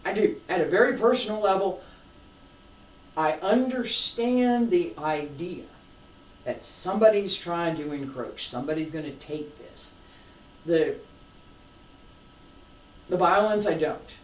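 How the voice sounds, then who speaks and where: A martial arts instructor teaching a live class, emphatic and repetitive, swinging between loud and hushed. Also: medium pitch, animated, a little slow, pauses often. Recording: roomy sound from a distant mic.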